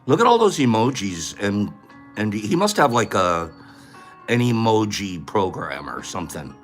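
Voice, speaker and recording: A man's voice: lowish voice, very animated, a little slow, faint music behind. Playful man greeting his viewers. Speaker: livestream host. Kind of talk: casual live chat.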